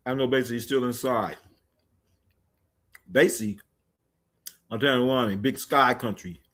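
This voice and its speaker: Man, sports stream host, casual banter, joking, loud bursts, mid-pitched voice. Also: normal speed. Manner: loose, joking, animated bursts. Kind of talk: casual chat reading live comments.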